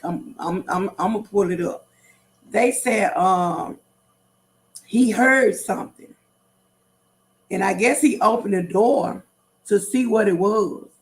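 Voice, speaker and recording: Woman, middle-aged, gravelly voice, casual livestream talk, repeats herself, emphatic, talks to viewers. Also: mid-range voice. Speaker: livestream host.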